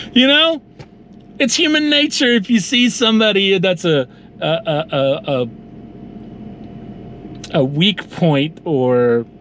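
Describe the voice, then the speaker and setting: Lawn-care vlogger, man with a high voice, animated, faint noise behind. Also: slow pace, pauses often. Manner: animated, acts out both sides of a phone call. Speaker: lawn care business owner and channel host. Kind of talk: casual storytelling vlog.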